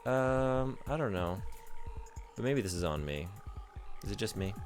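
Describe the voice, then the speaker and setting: A man's voice: fairly low pitch, animated, unhurried, soft background music. A man with a Southern US drawl chatting casually as a game streamer, rambling and self-deprecating. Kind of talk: casual gaming stream chat.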